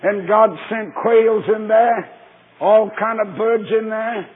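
A man's voice: sits high, fairly even intonation, slow, slightly rough. A man preaching, telling folksy stories and acting out the dialogue in them. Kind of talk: sermon. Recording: tinny lo-fi recording.

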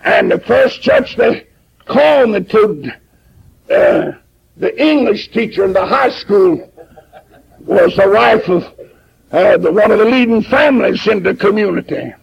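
A high-pitched preacher with a gravelly, husky voice tells a story from the pulpit in a folksy, emphatic way. The sound is muffled, like an old radio broadcast. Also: male voice, lively intonation, a little slow. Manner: folksy, plain-spoken, emphatic. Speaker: pastor. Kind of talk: sermon storytelling.

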